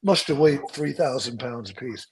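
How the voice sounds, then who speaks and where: A man, a stunt coordinator, telling profane, lively stories from a film set and acting out other people's lines. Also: medium pitch, moderate pace, low-quality recording.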